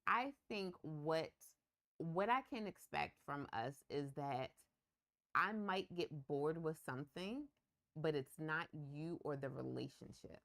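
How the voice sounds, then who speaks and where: A woman co-hosting a relationship podcast, talking in a relaxed, conversational way with wry asides. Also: low-pitched, takes it slowly, creaky. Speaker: podcast co-host. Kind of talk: casual relationship chat.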